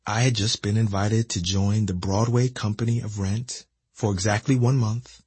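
A man in his thirties from Philadelphia reads his memoir aloud in a reflective, measured way. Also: on the low side, steady tone, darkish tone, slightly rough, no room sound. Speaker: narrator reading his memoir. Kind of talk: audiobook memoir narration.

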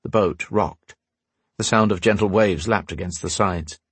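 A man reading a fantasy novel aloud in calm, even scripted narration. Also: low-pitched, unhurried, breathy edge, no echo. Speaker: audiobook narrator.

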